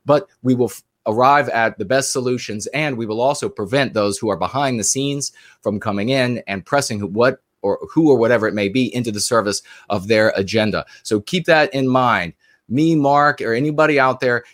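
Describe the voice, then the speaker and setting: A man's voice: medium pitch, no room sound, studio quality. A man co-hosting a livestream and giving a long spoken commentary. He talks earnestly, often restarting and repeating phrases. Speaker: livestream co-host.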